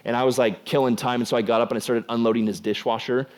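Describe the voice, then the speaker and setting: A young man preaching to a youth group in a loose, chatty way, scattering "like" through his sentences. His voice sits at an ordinary middle pitch for a man. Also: fairly even intonation, quick pace. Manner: conversational, filler-heavy with frequent "like". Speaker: youth pastor. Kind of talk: casual youth sermon.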